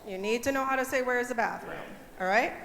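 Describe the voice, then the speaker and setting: A woman's voice: a little high, quick pace, gravelly, a bit bright, slight background noise. A young woman leading a children's message in church, playful and coaxing the kids to join in. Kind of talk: children's sermon, teaching kids. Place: church sanctuary. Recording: echoey hall, faint room ambience.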